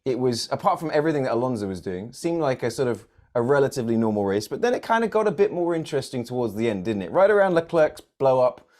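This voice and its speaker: A man co-hosting a casual motorsport podcast, chatting in a jokey, animated way. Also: medium pitch. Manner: animated, jokey, quick to mimic others. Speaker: podcast co-host. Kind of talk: casual chat.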